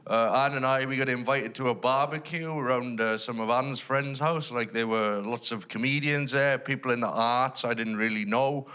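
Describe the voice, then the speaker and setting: A man's voice: medium pitch, steady tone, normal speed, hardly any pauses, bright, forceful tone, smooth. A Welsh man doing dry, self-deprecating stand-up storytelling on a theatre stage. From Wales. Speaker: stand-up comedian. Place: large theatre stage with a live audience. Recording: live theatre with background noise.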